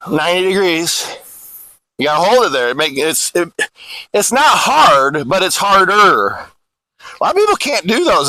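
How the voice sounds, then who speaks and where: Middle-aged guy, high bright voice, slow, calling out counts for army drills on a hill, joking around, dry sound. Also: dry recording, rough recording. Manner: counts cadence, coaches and jokes. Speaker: army fitness instructor. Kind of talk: informal exercise instruction. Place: outdoors on a grassy hillside.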